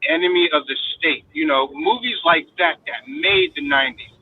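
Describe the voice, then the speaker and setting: A man in his thirties joining a casual podcast chat, animated and excitable. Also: sits high, normal speed, vocal fry, a little hiss or hum. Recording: dull lo-fi remote audio.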